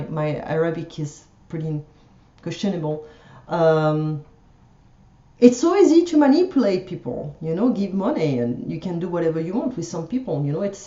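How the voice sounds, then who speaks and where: A French woman with a French accent rants bluntly in a casual vlog, tripping over fillers and restarting her sentences. Her voice is mellow and somewhat dark. The sound is roomy and a little dull. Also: lowish voice. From France. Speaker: French teacher vlogger. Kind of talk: ranting vlog monologue.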